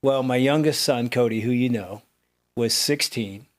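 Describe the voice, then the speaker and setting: Middle-aged man telling lively stories. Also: mid-range voice, unhurried. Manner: animated storyteller, acts out quoted voices. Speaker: co-host. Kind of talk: casual chat.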